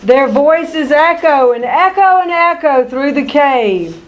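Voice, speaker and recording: Woman reading a kids' picture book, high voice, slow and expressive. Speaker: narrator. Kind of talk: children's picture-book read-aloud.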